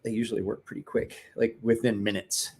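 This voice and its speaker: A man's voice: fairly low pitch, flat delivery, a little fast, darkish tone, husky. A man hosting a casual livestream, rambling, joking and swearing as he answers his chat. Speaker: livestream host.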